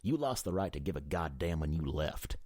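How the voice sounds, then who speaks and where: A man voicing a gruff, bitter young male country singer who curses and sneers in an audiobook. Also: extremely low pitch, very animated, a little fast, mellow, no echo, clean studio sound, exaggerated voice.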